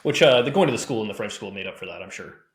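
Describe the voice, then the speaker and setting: A man's voice: on the low side, expressive, very fast, echoey room. A man hosting a podcast in an easygoing way, laughing along and asking open questions. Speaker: podcast host. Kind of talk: casual interview chat.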